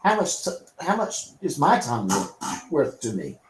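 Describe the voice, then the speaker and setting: A man's voice: a little high, sing-song, measured pace, a little hiss or hum. A man hosting a casual online chat show, talking in an easygoing way with lots of fillers. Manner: easygoing, chuckling, filler-heavy. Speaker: host. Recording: roomy echo.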